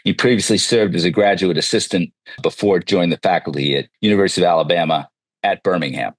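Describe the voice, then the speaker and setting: A podcast host from the Boston area with a fairly low voice, recorded close and dry. He talks in a friendly, chatty way, reading an introduction and then joking with his guest. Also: fast, no echo. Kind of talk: casual interview.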